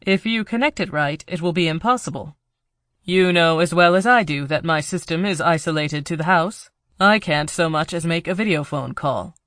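Calm male house computer AI, read by a narrator, steady and explaining, crisp. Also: medium pitch, moderate pace, dry recording, studio quality, close to an everyday voice. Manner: calm, explaining, pleading when she is hit.

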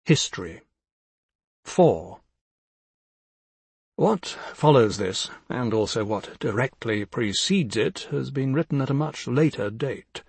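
A man narrating a literary audiobook in a measured, reflective way. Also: mid-range voice, animated, a little mellow, husky, dry recording.

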